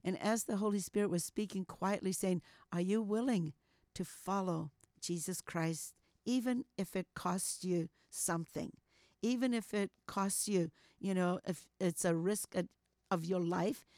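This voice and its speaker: An older woman telling a personal story as an interview guest, animated, acting out what people said and sprinkling in "you know.". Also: lowish voice, measured pace, no room sound, studio quality. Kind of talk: storytelling testimony.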